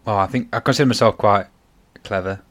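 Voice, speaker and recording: Low-voiced rambling dad. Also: male voice, fast talker, a bit bright. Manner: rambling, self-correcting storyteller. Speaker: podcast host, father. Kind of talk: casual family chat.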